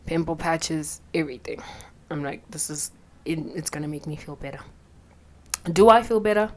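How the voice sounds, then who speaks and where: A woman's voice: deep voice, normal speed, a little hiss or hum. A young woman, talking bluntly and profanely in a rambling confessional vlog, her voice a little shaky with anxiety. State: anxious, voice shaky. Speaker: vlogger.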